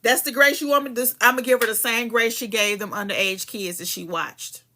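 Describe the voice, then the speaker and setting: A woman's voice: fairly high pitch, fairly even intonation, fairly quick, sharp tone. A woman hosting a podcast, reading a legal filing aloud and breaking off into profane, heated commentary. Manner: profane, heated, emphatic asides between read passages.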